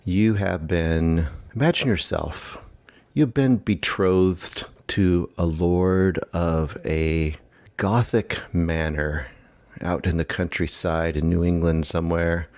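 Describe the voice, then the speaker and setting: A man with a very deep voice muses aloud in a solo podcast segment, drifting into an improvised story. He talks in a wry, hesitant, rambling way. The sound is dry and close. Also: slow pace, a little mellow, no room sound. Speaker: podcast contributor. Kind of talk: musing monologue, rambling storytelling.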